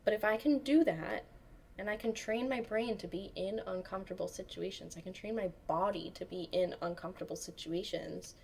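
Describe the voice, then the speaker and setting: A woman chatting as an interview guest, animated, acting out the voices of people she quotes. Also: mid-range voice, brisk, gravelly, a little hiss or hum. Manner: animated storyteller, acts out quotes. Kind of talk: casual interview chat.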